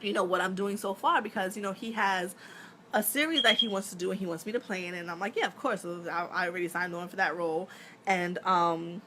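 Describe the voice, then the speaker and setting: A woman in her thirties, an actress chatting casually on a live stream, telling animated stories, laughing often and swearing freely. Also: on the low side, brisk, slight background noise. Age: 30s.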